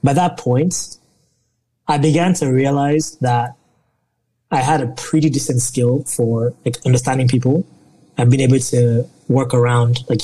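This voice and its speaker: A young man from Nigeria, a podcast guest telling a long story in casual interview talk, animated and often laughing. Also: medium pitch, a little slow, low-quality recording.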